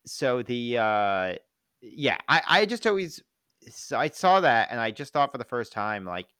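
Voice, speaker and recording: A man's voice: medium pitch, very animated, a little slow, sharp tone, clean tone, no echo, studio quality. A man in casual podcast chat, rambling with many fillers and restarts. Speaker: podcast co-host.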